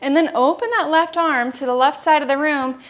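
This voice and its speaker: A young woman with a high, light voice leads a yoga flow, giving calm and steady cues from pose to pose. She practices along with the class and sounds a little winded between instructions. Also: normal speed. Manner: calm, steady instructional cueing with brief asides. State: slightly out of breath.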